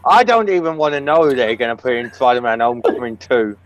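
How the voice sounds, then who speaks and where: A man's voice: medium pitch, lively intonation, a little fast. A man joking and stammering in a casual group chat, often laughing. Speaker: panel guest. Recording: faint background noise.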